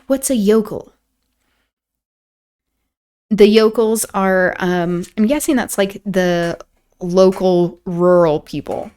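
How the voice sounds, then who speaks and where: A woman's voice: medium pitch, takes it slowly, long pauses, mellow. A woman streamer reading a classic novel aloud, breaking off for casual chatty asides.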